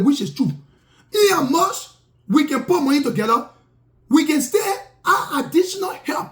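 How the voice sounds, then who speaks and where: High-voiced man, indignant monologue. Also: very animated, moderate pace, fairly bright tone. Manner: indignant, repetitive, broken grammar. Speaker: self-styled prophet. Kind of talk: impassioned spoken monologue.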